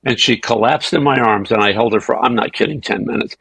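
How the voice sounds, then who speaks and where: Gravelly older man telling stories. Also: mid-range voice, brisk, rough recording. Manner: animated raconteur, swearing. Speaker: guest actor. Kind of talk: anecdotal storytelling.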